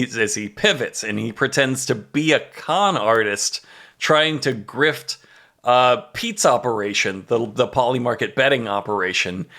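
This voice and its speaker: A man's voice: mid-range voice, fairly bright tone. A man on a comedy podcast, animatedly retelling a TV episode's plot in casual chat and laughing at his own jokes. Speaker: podcast co-host recapping an episode.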